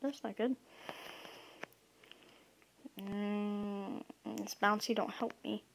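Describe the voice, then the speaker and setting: Casting note: upbeat woman streamer, mid-pitched, chatty and excitable, faint hiss behind her. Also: extremely slow. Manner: chatty, self-mocking, excitable. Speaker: gaming video creator. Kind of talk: casual gameplay commentary.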